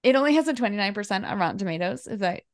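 On a casual movie podcast, this co-host talks very fast in an animated, medium-pitched voice, recorded dry with clean studio sound. She rambles freely, laughs often, and leans on fillers and restarts.

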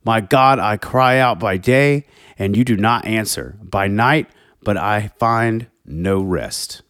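A man's voice: slow pace, no room sound, studio quality. A man hosting a personal faith talk, speaking with heated emphasis and reading scripture aloud. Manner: emphatic, heated, animated pitch swings. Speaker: podcast host.

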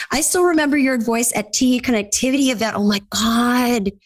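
A woman from California, a podcaster and speaking coach answering audience questions in an upbeat, blunt, jokey way. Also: fairly high pitch. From Orange County, California. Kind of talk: lively live Q&A chat.

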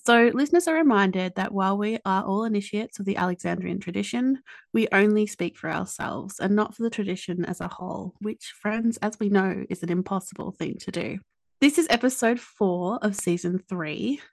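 A woman with an Australian accent hosting a podcast, chatty and quick to joke at her own expense. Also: mid-range voice, creaky, dry recording. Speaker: podcast host. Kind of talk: casual podcast chat and scripted intro.

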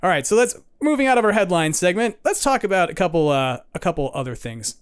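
A man hosting a podcast, chatting casually with quick asides and frequent laughs. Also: high-pitched, lively intonation, clean tone, no echo. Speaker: podcast host. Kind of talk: casual chat.

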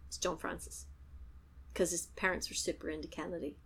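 A woman's voice: on the low side, steady tone, a little fast, vocal fry, a little hiss or hum. A woman co-hosting a podcast, casually recapping a TV episode, laughing often and acting out the characters' lines. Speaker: podcast co-host.

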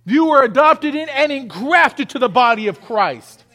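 High-voiced male pastor preaching. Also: lively intonation, a little slow, bright, forceful tone. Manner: preaching with rising intensity and call-and-response; acts out pleading voices. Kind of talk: sermon.

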